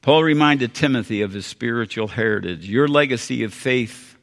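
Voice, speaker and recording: A man's voice: mid-range voice, normal speed. Older man preaching in a reverberant hall. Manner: earnest, folksy preaching with repeated phrases and sudden quiet drops. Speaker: pastor. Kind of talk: sermon. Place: church sanctuary.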